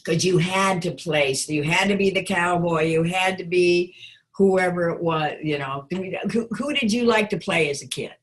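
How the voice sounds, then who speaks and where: A woman voice coach talks in a relaxed, playful way, sitting a little low for a woman. She chats loosely, full of fillers and asides. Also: moderate pace. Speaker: voice actress and coach. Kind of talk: casual interview chat.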